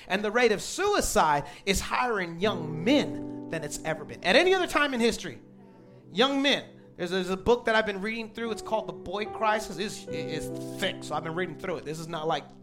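High-voiced pastor preaching over music. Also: male voice. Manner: conversational preaching with asides to the crowd. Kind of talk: sermon. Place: church.

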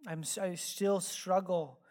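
A woman delivers a sermon like a heart-to-heart, chatty and frank, with plenty of fillers and asides. Her delivery climbs into lively, emphatic stretches, then drops to quiet, hushed reflection. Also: fairly low pitch, slow. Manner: conversational, candid storytelling with many fillers. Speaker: pastor.

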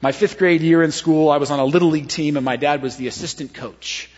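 Husky male pastor in a reverberant hall. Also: on the high side, fast. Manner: animated, self-deprecating, dropping to hushed tones for serious moments. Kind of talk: sermon storytelling. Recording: dull lo-fi sound with long hall reverb.

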